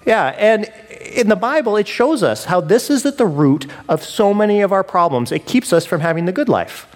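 A man preaching a sermon as pastor, in a lively, conversational way with casual asides. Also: high voice, moderate pace.

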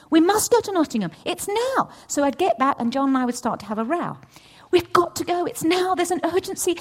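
A middle-aged woman giving a testimony at a church session, storytelling with lively acted-out dialogue. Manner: animated storytelling, acts out voices with big pitch jumps. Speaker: church speaker. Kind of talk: testimony sermon.

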